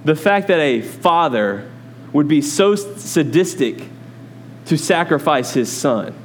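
A man's voice: fairly high pitch, big pitch swings, slow, a little hiss or hum. A man preaching a sermon, teaching from scripture in a conversational way with asides to his congregation. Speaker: pastor.

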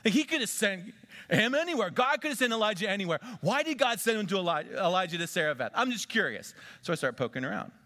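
Male pastor, thirties, animated preacher, bright edge, slightly high. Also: fast. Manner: animated, swings between loud excitement and hushed intensity. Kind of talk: sermon.

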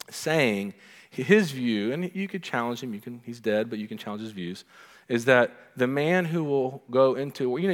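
A middle-aged man preaching a sermon as pastor, animated, acting out the lines he quotes. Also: fairly low pitch. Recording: long reverb of a hall.

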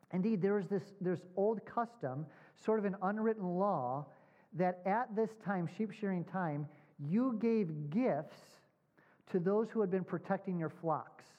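A man preaching a sermon. He asks his congregation questions, repeats points with emphasis and slows down on key words. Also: sits high, darkish tone. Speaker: pastor. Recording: dull lo-fi sound.

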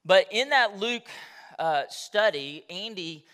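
A man's voice: sits high, lively intonation, slow pace, pushed and bright. A male pastor preaching a sermon in a casual storytelling way, talking to the congregation as y'all. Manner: conversational storytelling, addresses crowd as y'all.

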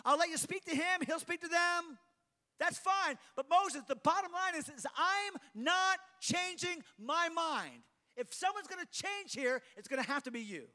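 A man's voice: high voice, brisk, a bit bright. A man voicing God as a stern, commanding figure who insists on being obeyed. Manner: firm, insistent, repeats its point. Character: stern commanding male God, done talking.

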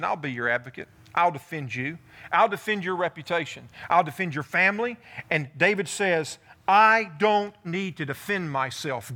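Male pastor, sermon delivery, bright and a touch high-pitched, animated storytelling. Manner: animated preaching, voicing David in first person. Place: church in front of a congregation.

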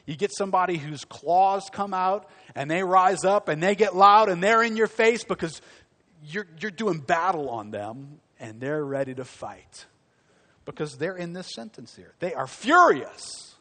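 A man delivers a sermon in a loose, conversational manner, leaning on rhetorical questions and bursts of emphasis. His speaking voice sits somewhat high for a man. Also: lively intonation, normal speed, fairly bright tone. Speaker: preacher.

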